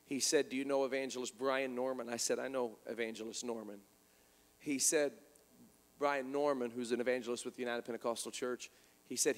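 A man with a mid-range voice preaches an animated sermon in a large hall. He tells a story, acting out its quoted dialogue, and repeats words as he goes.

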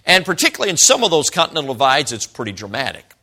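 A man's voice: medium pitch, sing-song, very fast, pushed and bright. A middle-aged man from Chicago, a traveling evangelist preaching a sermon to a congregation in a folksy, chatty way that draws the listeners in. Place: church service.

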